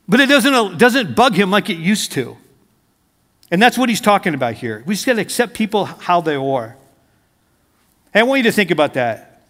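A man's voice: high-pitched, fairly bright tone. A middle-aged male pastor giving a conversational sermon, full of stories and asides to the congregation. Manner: conversational, anecdotal preaching with asides. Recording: hall reverb.

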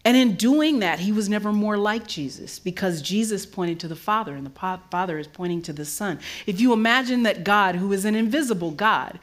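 Woman pastor preaching an animated sermon. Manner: animated, rising loud and high for emphasis; drops low and slow for reflective moments.

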